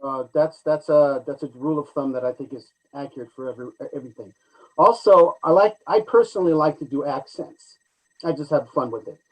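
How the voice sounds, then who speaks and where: A man's voice: a little high, a little fast, low-quality recording. A man, a guest actor, chatting animatedly in an interview and telling stories with frequent fillers. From United States. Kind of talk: casual interview chat.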